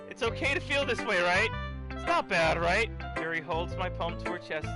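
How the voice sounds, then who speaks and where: A man doing a hushed, obsessive shy girl. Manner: hushed, lowered, clingy. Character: obsessive, shy young woman, breathy and eager.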